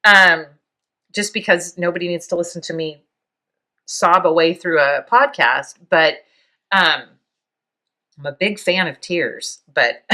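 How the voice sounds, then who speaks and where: Speaking in a voice on the low side, a podcast host in her fifties delivers a reflective personal monologue. She's soft and halting, near tears, with small laughs here and there.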